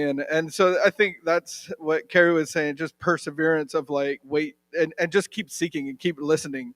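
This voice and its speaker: A man closing a church service, relaxed and joking, talking informally with pauses and restarts. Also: a little high, dry recording. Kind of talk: informal sermon talk.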